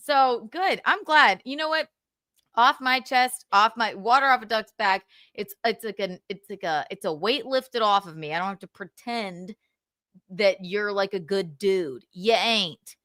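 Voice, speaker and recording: A woman hosting a livestream vents in a heated gossip rant, swearing and repeating herself, with sudden loud bursts. Her voice is high and very bright. The recording is dry and close. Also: animated, unhurried, no room sound. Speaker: livestream host.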